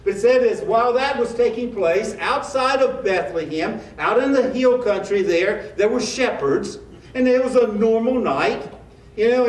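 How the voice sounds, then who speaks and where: A man with a high voice preaches a sermon as a pastor, using a conversational style full of rhetorical questions. The room is echoey, the mic sits at a distance, and there's slight background noise.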